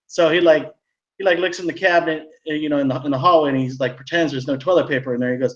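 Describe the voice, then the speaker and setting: A man with a fairly high voice rambles through a funny story, peppering it with "like" and restarting his sentences. He sounds loose and conversational, chatting on a live stream. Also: steady tone, fast, dull audio. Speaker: co-host. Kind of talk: casual storytelling chat.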